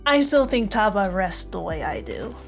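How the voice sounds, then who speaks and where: A woman voicing an excited, affectionate young parent in a fantasy animatic. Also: mid-range voice, normal speed, soft background music. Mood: eager.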